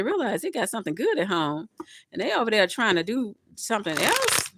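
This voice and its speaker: A woman giving a casual tarot reading to her viewers, chatty and expressive, often laughing and speaking to spirit. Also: medium pitch, a little fast, slightly rough, dry recording. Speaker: tarot reader.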